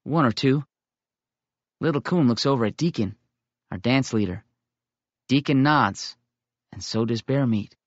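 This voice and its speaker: A man narrating a first-person audiobook in a steady, measured storytelling voice. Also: medium pitch, no echo, muffled recording.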